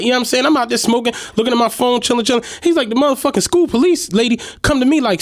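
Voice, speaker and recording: A man's voice: very high-pitched, racing, hardly any pauses, no room sound. A man co-hosting a podcast, telling stories in a casual chat and acting out the voices of the people in them. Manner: animated, acts out voices in his stories. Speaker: podcast co-host.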